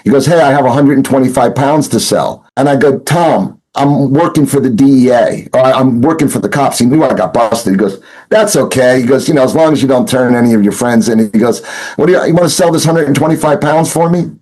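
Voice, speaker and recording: On a low-quality recording, a man with a medium-pitched, darkish voice speaks a little fast as an interview guest, a former smuggler turned informant. He tells his story casually, rambling with many fillers and restarts, and acts out what people said.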